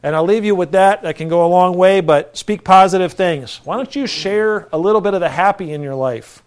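Animated man telling a preaching story. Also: high voice, a little fast, clean tone. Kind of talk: sermon-style storytelling.

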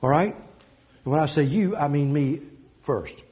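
A man preaches a sermon, declaiming scripture slowly and swinging between loud emphasis and quiet intensity. His voice is on the high side.

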